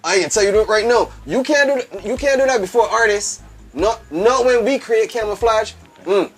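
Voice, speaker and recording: A man's voice: high-pitched, moderate pace, slightly rough, soft background music. A man, talking as a guest on a casual show, emphatic and repetitive, calling his host "B" over and over. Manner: emphatic, calls the host "B" again and again, repeats phrases. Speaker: guest fashion entrepreneur. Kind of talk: animated casual talk.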